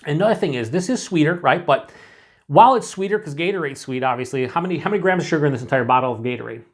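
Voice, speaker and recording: A man's voice: on the high side, expressive, racing. A man reviewing a beer on his own in a casual, rambling way, full of fillers and restarts, cheerful and swearing now and then.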